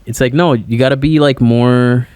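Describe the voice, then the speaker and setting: A man's voice: medium pitch, steady tone, moderate pace, a little mellow, dry recording. A man, a musician guest, chatting casually on a podcast over a remote call, rambling and filling his talk with "like" and "you know".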